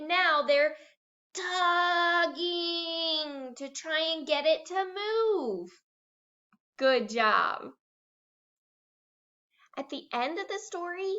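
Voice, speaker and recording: A woman teacher giving a recorded reading lesson for young children, acting out words as she goes. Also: high-pitched. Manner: animated, acts out words. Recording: dull lo-fi recording.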